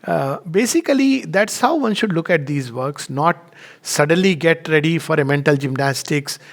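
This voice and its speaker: Guy giving a spiritual talk, slightly high voice, gravelly, chuckles a lot. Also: animated. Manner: storytelling, unhurried, chuckles often. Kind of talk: reflective spiritual talk with anecdotes.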